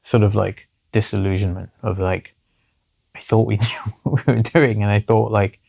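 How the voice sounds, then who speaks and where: Low, gravelly-voiced man talking earnestly. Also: fairly even intonation, moderate pace, darkish tone. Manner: earnest, repeats "basically" and "you know". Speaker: guest. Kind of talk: reflective conversational interview.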